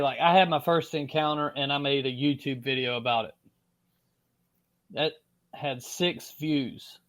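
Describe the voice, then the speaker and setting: Southern guy from florida, chatty podcast guest, lots of "like" and "uh", swears easy, mid pitch. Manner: animated, with frequent fillers and swearing. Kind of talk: casual storytelling.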